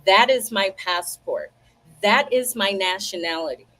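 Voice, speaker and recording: A woman from the United States who hosts a casual livestream, chatting straight to her viewers and telling stories in an animated way. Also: medium pitch, measured pace. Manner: chatty, animated storytelling, talks to viewers directly. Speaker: livestream host. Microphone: computer mic, livestream.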